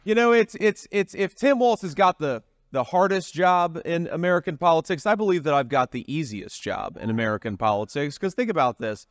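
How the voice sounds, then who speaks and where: A man's voice: on the high side, lively intonation, a little fast, few pauses, no room sound, studio quality. A man giving a campaign rally speech, talking in a folksy, repetitive way with frequent restarts. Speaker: political candidate at a rally.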